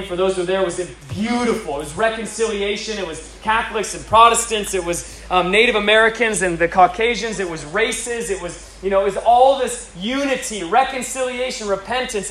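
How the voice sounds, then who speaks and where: High-voiced male preacher in echoey room. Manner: animated, rising to excited. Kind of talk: storytelling sermon.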